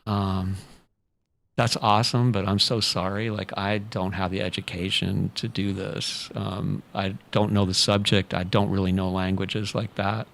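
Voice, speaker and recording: A man telling a long personal story in a relaxed, anecdotal way, full of fillers. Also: sits low, unhurried, creaky. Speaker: podcast guest, author. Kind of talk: casual storytelling.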